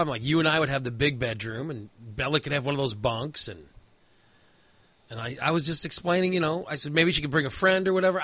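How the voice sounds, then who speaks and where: Rambling bright-voiced man telling a story. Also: a little high, no echo. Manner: rambling storytelling with many fillers and restarts. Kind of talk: casual chat.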